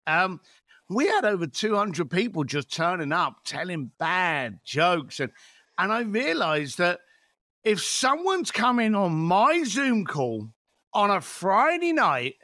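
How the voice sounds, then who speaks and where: Blunt fifty-something guy ranting on a podcast, high bright voice, dry sound. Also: no room sound. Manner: blunt, swearing, rant-like storytelling. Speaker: guest. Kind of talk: podcast interview.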